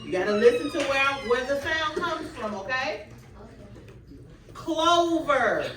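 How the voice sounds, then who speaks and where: A young woman student teacher leading a class in a phonics drill, with clear, drawn-out prompts and quick praise, recorded in a classroom by a camera at a distance. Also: sits high, lively intonation, fairly bright tone. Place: classroom full of children. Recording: echoey, distant classroom recording with background noise.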